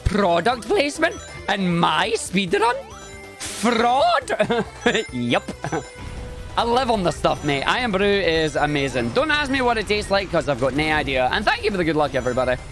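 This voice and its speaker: A man giving chatty, excitable, jokey live commentary on his own speedrun. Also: on the high side, fairly quick, faint music behind.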